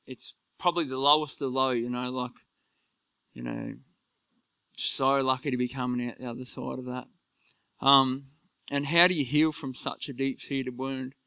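A man giving an earnest personal faith testimony, halting and full of fillers. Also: mid-range voice, sharp tone, clear, resonant tone, no room sound. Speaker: church member giving testimony.

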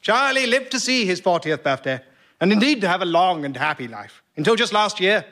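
High-voiced man narrating a comic tale. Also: very animated, a little fast, pushed and bright. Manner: dry, arch, mock-dramatic. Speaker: narrator and comedy writer. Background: studio audience laughter.

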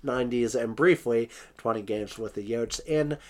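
A man's voice: mid-range voice, moderate pace. A man co-hosting a casual podcast, reading out quotes and laughing at them wryly. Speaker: podcast co-host. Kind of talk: casual chat.

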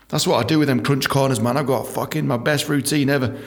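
A man's voice: on the high side, quick pace, few pauses, a bit bright. A male comedian, delivering a sweary, rambling comic monologue.

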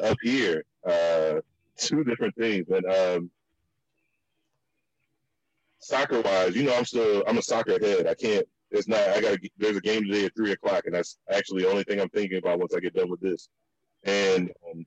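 A man from the Virginia and DC area telling stories in a casual chat, with many restarts and high jumps in pitch for the quotes. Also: dry recording, muffled recording. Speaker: guest.

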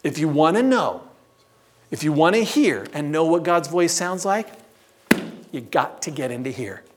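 A man preaching a sermon as pastor, stressing words by slowing down and asking the congregation rhetorical questions. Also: a little high, sing-song, slight background noise.

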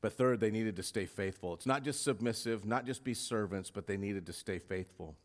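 A man's voice: on the low side, moderate pace. Emphatic preaching man. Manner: emphatic preaching with rhetorical questions, drops to a hush at times. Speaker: pastor. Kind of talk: sermon.

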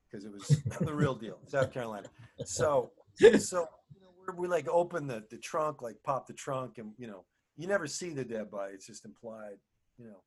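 A husky man chats as an interview guest. He tells stories in a loose, rambling way, stumbling over his words and restarting often, and he gets animated as he goes. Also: medium pitch. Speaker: actor and singer, guest. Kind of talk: casual storytelling in an interview.

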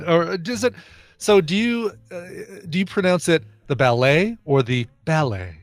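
A man's voice: on the high side, lively intonation, unhurried, dry recording. Playful teasing man, dry sound. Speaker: podcast co-host. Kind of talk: casual chat.

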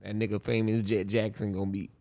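A man's voice: lowish voice, little pitch movement, quick pace, creaky, mellow. A man in his thirties co-hosting a podcast, teasing his partner and laughing often in casual slang. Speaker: podcast co-host. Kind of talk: casual chat.

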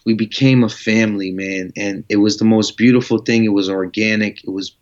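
This interview guest spins a long, casual story, animatedly voicing conversations with slang and swearing. He talks fairly quickly in a voice on the low side, and the recording is muffled and lo-fi.

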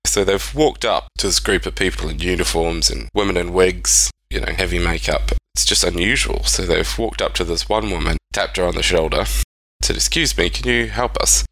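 A man's voice: sits low, steady tone, moderate pace, fairly bright tone, dry recording, rough recording. A man, casually retelling strange stories as a podcast co-host, rambling with speculative asides. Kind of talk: casual storytelling chat.

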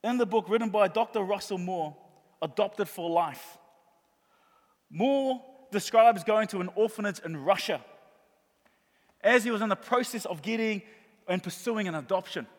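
A man's voice: sits high, moderate pace, long pauses. A middle-aged man preaching a sermon, telling stories and stressing his points by repeating them. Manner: warm storytelling with emphatic repetition. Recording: long reverb of a large hall.

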